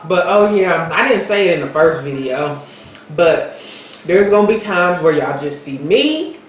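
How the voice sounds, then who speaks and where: A woman's voice: lowish voice, lively intonation, unhurried. A woman co-hosting a casual eating vlog, chatting and talking straight to her viewers. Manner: chatty, addresses viewers directly. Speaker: vlog co-host. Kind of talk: casual mukbang chat. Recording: very echoey room, faint background noise.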